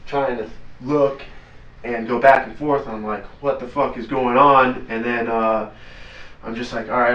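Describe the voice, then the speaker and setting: A man's voice: mid-range voice, fairly bright tone. Man telling a war story, distant and roomy. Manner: blunt, profane, halting with many fillers. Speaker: interview guest, former Navy SEAL. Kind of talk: casual storytelling interview. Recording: roomy, distant, dull lo-fi sound.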